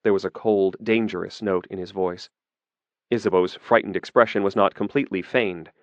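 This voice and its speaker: A man reading a fantasy audiobook in a steady, measured narration. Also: low voice, no echo, lo-fi sound.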